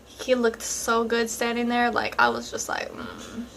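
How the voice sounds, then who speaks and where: A woman's voice: on the high side, completely flat delivery, measured pace, vocal fry, a bit bright, a little hiss or hum. A young woman vlogger telling a personal story in casual, chatty speech full of fillers, speaking straight to her viewers. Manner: chatty, many fillers, addresses viewers directly.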